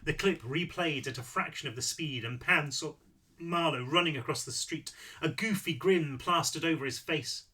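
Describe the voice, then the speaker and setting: Man reading his own book out loud, super bright tense voice, bit high. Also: moderate pace, husky. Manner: lively storytelling, occasional self-corrections. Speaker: author reading his novel. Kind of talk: read-aloud narration.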